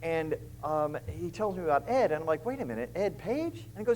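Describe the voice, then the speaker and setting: A man's voice: sits high, lively intonation, fast talker, few pauses, a little mellow, slight background noise, poor audio. A man, a guest speaker at a church, telling his story with animation and acting out the other people's lines. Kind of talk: storytelling testimony.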